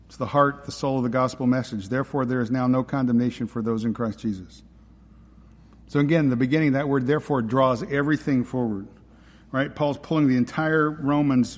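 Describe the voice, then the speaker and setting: A male pastor delivers a sermon in a mid-range voice. He talks to his listeners directly and stresses key words, and long reverb trails behind his words from a large hall. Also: medium pitch. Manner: emphatic, conversational preaching with rhetorical questions.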